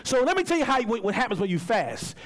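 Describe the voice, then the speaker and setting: A man preaching a sermon as pastor, colloquial and animated, acting out little voices and calling on helpers to read. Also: extremely high pitch, fast talker. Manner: teaches with props and volunteers, calls on readers.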